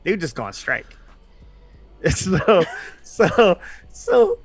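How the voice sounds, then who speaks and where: A man's voice: high-pitched, huge pitch swings, takes it slowly, creaky. A man telling a rambling, profanity-heavy story from a tabletop game, laughing often. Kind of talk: casual storytelling.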